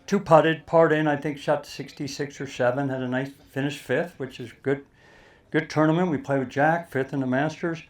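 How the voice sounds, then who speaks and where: Animated older man telling a story. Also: on the high side, moderate pace. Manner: animated storyteller, acts out quotes. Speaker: speaker telling a caddie story. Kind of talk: storytelling talk to an audience.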